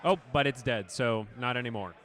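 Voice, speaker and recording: A man's voice: mid-range voice, normal speed, fairly bright tone. A man giving play-by-play commentary on a card game match on a live stream, with dry asides.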